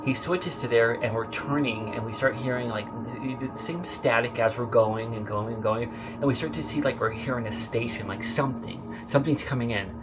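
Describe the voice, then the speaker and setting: A man telling a true horror story in a casual, rambling way, swearing often and swinging from hushed to loud. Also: medium pitch, normal speed, loud music behind the voice. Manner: rambling, swears often, many fillers and restarts.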